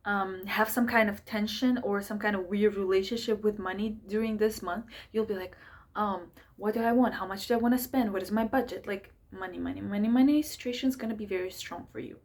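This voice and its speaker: A woman's voice: medium pitch, darkish tone. Chatty woman astrologer, rambling. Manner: chatty, rambling, many fillers and asides. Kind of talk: casual forecast talk to camera.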